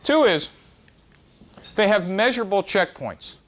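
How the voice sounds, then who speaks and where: Man, middle-aged, high-pitched voice, lecturing live to a crowd, wry self-deprecating humor, animated delivery. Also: measured pace. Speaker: speaker giving a startup talk.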